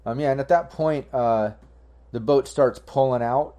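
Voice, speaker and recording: A man's voice: medium pitch, moderate pace, mellow. A man running a tabletop game as game master, rambling with fillers and restarts.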